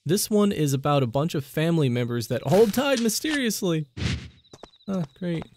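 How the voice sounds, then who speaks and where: A man's voice: on the high side, very animated, moderate pace, a little mellow, slight background noise. A young man commentating a let's play of a horror game, jumping between panicky yelps and joking asides. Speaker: gaming YouTuber.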